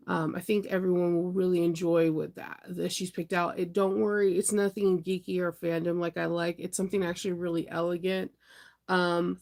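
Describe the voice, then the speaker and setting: A woman chats on a casual livestream, her voice stuffed up with congestion. She sits a little low with a gravelly fry, rambling cheerfully from one thought to the next. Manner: rambling, upbeat, answers viewer comments. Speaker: vlogger.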